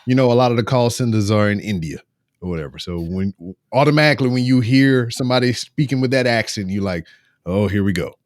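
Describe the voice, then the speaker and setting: A man co-hosting a podcast in casual chat, telling animated stories and swearing freely. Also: mid-range voice, fast, no room sound, studio quality. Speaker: podcast co-host.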